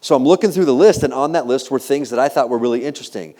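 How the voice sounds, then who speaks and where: A man in his thirties giving a humorous storytelling keynote, animated and self-deprecating, teasing the audience with questions. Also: mid-range voice, racing. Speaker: keynote speaker. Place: large hall. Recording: long reverb of a large hall.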